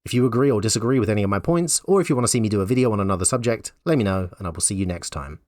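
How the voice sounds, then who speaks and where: A man's voice: lowish voice, expressive, very fast, darkish tone, no echo, clean studio sound. A man giving blunt, wry opinion commentary in a conversational way. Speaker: YouTube commentator.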